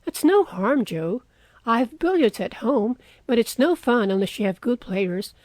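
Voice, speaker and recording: A woman voicing a teasing, good-natured wealthy young man in an audiobook reading, with a lively, coaxing way of talking. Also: fairly high pitch, measured pace, no room sound.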